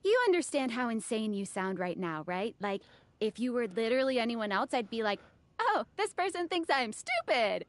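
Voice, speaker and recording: Teasing gossipy game friend, kinda high voice, bouncy intonation. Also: female voice, sing-song, normal speed. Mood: incredulous. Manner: incredulous, teasing. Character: chatty young woman friend, gossip-hungry. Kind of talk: video game voice acting.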